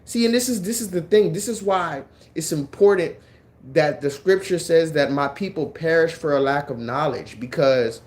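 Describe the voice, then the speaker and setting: A man hosting a livestream, talking casually in an animated, mocking and then preachy way. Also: a little high, normal speed. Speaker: livestream host.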